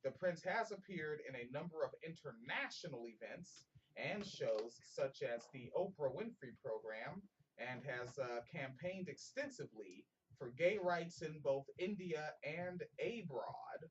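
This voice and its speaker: Man, podcast host, slightly high voice, stumbling news read, crude jokes, muffled distant mic, faint hiss. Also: animated, measured pace. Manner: profane, joking, stumbles with fillers while reading. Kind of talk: casual comedic podcast chat, reading news.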